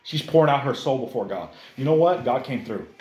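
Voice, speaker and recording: A man preaching a sermon to a congregation in a conversational, animated way, often calling the listeners "guys". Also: medium pitch, fairly quick, reverberant, dull audio. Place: church service.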